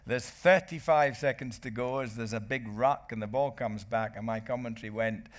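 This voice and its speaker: An older man, a rugby commentator and author, telling anecdotes to a live audience as a festival guest, lively and chuckling. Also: mid-range voice, normal speed. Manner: lively raconteur, chuckling, bursts into re-enacted commentary. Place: book festival stage.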